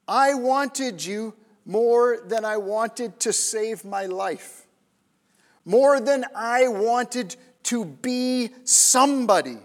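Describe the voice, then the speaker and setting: High-voiced man preaching in an echoing hall. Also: expressive, drawn-out words. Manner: emphatic, questioning the audience, drops to near-whispers. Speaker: pastor. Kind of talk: sermon. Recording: long reverb of a large hall.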